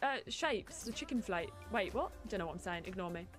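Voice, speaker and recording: A woman's voice: medium pitch, animated, brisk, over music. A woman streaming a game, talking casually, laughing often and bursting into dramatic exclamations. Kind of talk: casual live-stream gameplay commentary.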